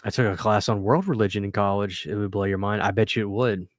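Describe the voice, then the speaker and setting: Male stream host, casual late-night chat, slightly low voice, dry close mic, earnest and rambling. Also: fast talker, no echo. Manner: rambling, earnest, thanks viewers often. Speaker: livestream host reading viewer comments. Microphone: studio microphone.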